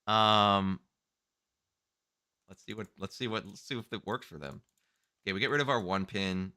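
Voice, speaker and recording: A man's voice: fairly low pitch, moderate pace, sharp tone, clean tone. A man co-hosting a mahjong stream, thinking aloud through plays in casual commentary.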